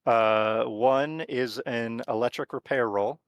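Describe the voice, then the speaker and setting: A man narrating as game master of a tabletop horror game, talking in a relaxed, rambling way with lots of fillers. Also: medium pitch, takes it slowly, smooth, no echo, lo-fi sound.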